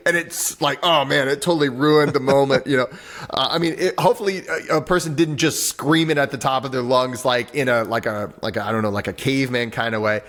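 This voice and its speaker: A man, a breathwork teacher and author, talks as a podcast guest over a video call. He explains things with animated energy, acts out little voices and often restarts his sentences. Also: medium pitch. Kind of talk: conversational interview on a podcast.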